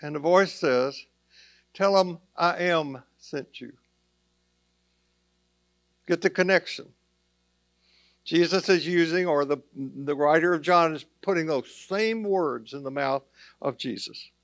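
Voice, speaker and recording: A male pastor delivers a sermon in a relaxed, conversational way, turning to the listeners with casual asides. His voice sits a little higher than most men's. The sound is close and dry, with no room echo. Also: a little slow. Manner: conversational preaching with plain asides.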